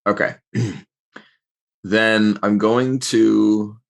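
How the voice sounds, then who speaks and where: A man playing a tabletop role-play game, asking slow, deliberate questions about the rules. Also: fairly low pitch, level tone, creaky. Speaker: player.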